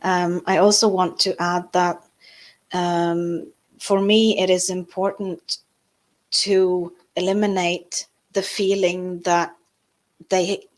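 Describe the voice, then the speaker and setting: A woman with a Norwegian accent, a guest in a live interview, talking softly and hesitantly with many fillers and restarts. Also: on the low side, flat delivery, slow pace.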